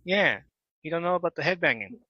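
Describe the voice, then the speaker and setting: A man hosting a casual live podcast, animated and laughing often as he chats with viewers. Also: fairly high pitch, fast talker, no echo. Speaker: podcast host. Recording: slightly dull lo-fi mic.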